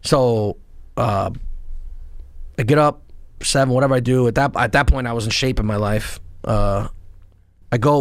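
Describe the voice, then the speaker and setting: A man telling war stories in a casual interview, profane and animated, acting out what people said. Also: mid-range voice, no room sound. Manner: animated, profane storytelling with quoted voices. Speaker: podcast guest, former Marine and police sergeant.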